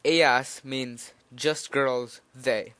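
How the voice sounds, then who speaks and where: A man's voice: mid-range voice, fairly even intonation, very slow, bright, forceful tone, smooth, no room sound. A nervous young man giving an informal spoken language lesson, rambling a little with fillers and restarts as he explains. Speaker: language teacher.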